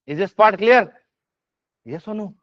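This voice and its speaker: In a classroom lecture about exam essays, a man with an Indian English accent speaks high and unhurried, with lively intonation and no room sound. Frequent "is this part clear?" and "yes or no?" checks punctuate his emphatic talk, which is thick with fillers and restarts. The recording sounds dry, slightly dull and lo-fi.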